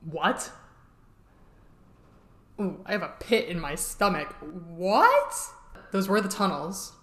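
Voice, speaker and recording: A young woman giving casual commentary while reacting to a TV episode, chatty and excitable, laughing often and saying "like" a lot. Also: on the low side, unhurried. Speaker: TV reaction vlogger. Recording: roomy echo.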